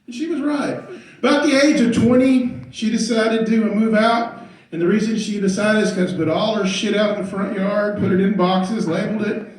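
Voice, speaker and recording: A middle-aged man doing stand-up, telling a story about his daughter and acting out loud quotes, often laughing as he talks. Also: high-pitched, normal speed. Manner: animated, loud acted-out quotes, laughing through lines. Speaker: stand-up comedian. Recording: echoey room, far from the mic, loud noise.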